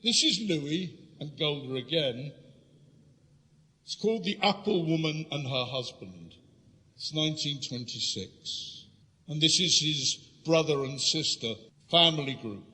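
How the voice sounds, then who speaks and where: Bright-voiced man lecturing in a hall. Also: fairly high pitch, measured pace. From London, England. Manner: lively storytelling, addressing the audience directly. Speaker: guest lecturer. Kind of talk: illustrated history lecture. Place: lecture room.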